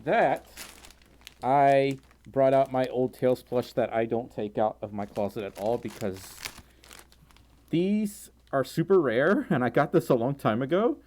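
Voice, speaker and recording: A man hosting a casual livestream, excitable and giggly, breaking into sudden high squeals. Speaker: livestream host.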